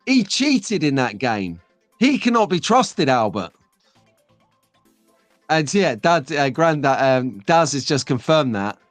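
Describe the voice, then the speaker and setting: A man's voice: mid-range voice, big pitch swings, takes it slowly, long pauses, dry recording, soft background music. A middle-aged man hosting a live stream, chatting casually and reading out viewer comments. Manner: chatty, rambling, reads chat comments aloud. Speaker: host of a live stream show.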